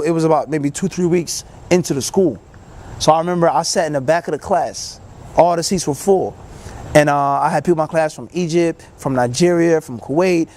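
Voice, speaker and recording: A man, an Islamic teacher, telling a personal story in a casual, animated way and acting out other people's lines. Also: fairly high pitch. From United States. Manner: casual, many fillers like "you know".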